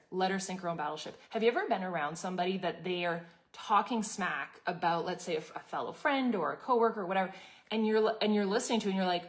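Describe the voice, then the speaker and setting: A woman's voice: fairly low pitch, quick pace. A woman in her thirties hosting a live community session, giving a casual motivational talk with candid chat and many restarts.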